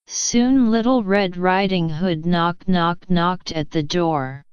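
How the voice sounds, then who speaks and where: Slow, smooth-voiced woman storyteller. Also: lowish voice, no echo, muffled recording. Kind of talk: bedtime story reading.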